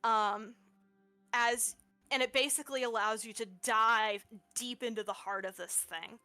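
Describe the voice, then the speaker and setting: A woman narrates as game master in a tabletop game. She is slow and unhurried, and her tone is bright with a slightly high pitch. She fills her descriptions with small pauses and ums. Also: fairly even intonation, no room sound, faint music behind.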